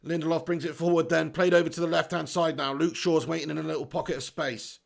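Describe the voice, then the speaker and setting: A man's voice: fairly high pitch, flat delivery, fast talker, gravelly. A man hosting a live football watch-along, commentating on play, reading out chat comments and ranting at his team. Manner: exasperated, swears casually, rants at own team. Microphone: phone.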